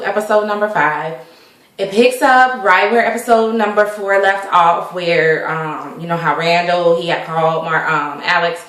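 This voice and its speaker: A woman's voice: mid-range voice, fairly bright tone. A woman hosting a casual recap chat about a TV episode, talking with lots of fillers and frequent laughs. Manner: chatty, laughs often, uses many fillers. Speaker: vlog host reviewing a TV episode. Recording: echoey room.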